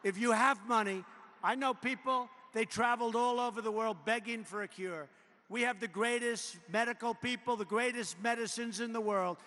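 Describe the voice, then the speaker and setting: A man's voice: very high voice, moderate pace, sharp tone. Boastful older man at a rally. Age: 70s. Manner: boastful, repetitive, mocking asides. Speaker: politician at a rally. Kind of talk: campaign rally speech. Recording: echoey arena with faint crowd ambience.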